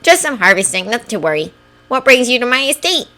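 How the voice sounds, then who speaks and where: A flustered young wizard played by a woman reader, his voice jumping high and bright with every surprise. He sounds earnest and quick to be startled, in a fan-made audiobook. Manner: high, excited exclamations.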